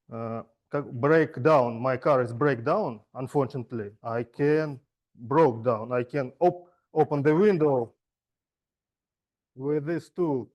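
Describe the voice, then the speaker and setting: A man giving an impromptu speech in halting, broken English at a speaking club. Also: mid-range voice, muffled recording. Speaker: club member answering an impromptu question.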